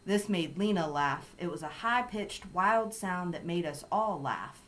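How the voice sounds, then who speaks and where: A woman reading a children's chapter book aloud in calm, steady storytelling. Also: on the low side, measured pace, poor audio. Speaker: story reader.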